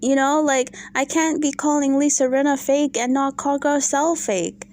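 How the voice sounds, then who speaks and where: A woman with a high, bright-sitting voice talks straight to camera in a casual commentary vlog. She sounds exasperated and animated, stacking rhetorical questions as she picks apart a reality show. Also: normal speed, a little hiss or hum.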